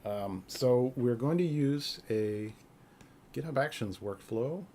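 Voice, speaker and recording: A man hosting a live-coding stream, talking in a halting, earnest, soft-spoken way with a gravelly voice. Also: mid-range voice, slight background noise. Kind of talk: casual live-stream talk.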